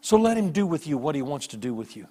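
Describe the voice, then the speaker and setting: Animated male guest preacher in a hall. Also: fairly high pitch, fast. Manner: animated storytelling with voiced characters. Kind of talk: sermon. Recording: long hall reverb.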